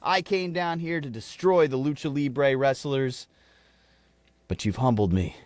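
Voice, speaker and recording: A man's voice: medium pitch, unhurried, darkish tone, dry recording, close to an everyday voice. Man playing a beaten masked wrestler, earnest and declaiming, dry close mic. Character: bloodied male wrestler giving a humbled farewell speech.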